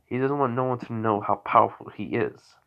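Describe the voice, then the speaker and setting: A sleepy man talks through a story off the cuff, in a voice of ordinary middle pitch. He keeps stopping to correct himself, filling the gaps with um and like. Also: a little fast, creaky, narrow, tinny audio. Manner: rambling, self-correcting, many fillers. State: tired, yawning. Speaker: fan storyteller. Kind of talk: unscripted casual storytelling.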